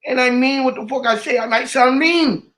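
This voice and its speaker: High-voiced man ranting emotionally. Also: normal speed. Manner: swings between loud outbursts and low mutters, swears a lot. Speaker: vlogger. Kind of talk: rambling emotional monologue.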